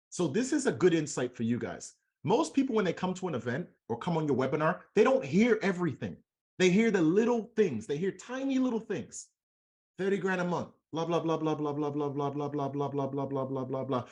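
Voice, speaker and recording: At a motivational training session, a young man working as an MLM trainer tells a story in a slangy, lively way, performing the dialogue as he goes. His voice is slightly high and swings widely in pitch.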